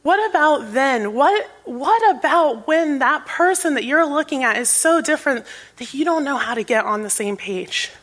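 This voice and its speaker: A woman's voice: high-pitched, lively intonation, moderate pace, fairly bright tone. Earnest woman preaching a sermon. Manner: earnest, rhetorical questions, repetitive cadence. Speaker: minister. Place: church sanctuary.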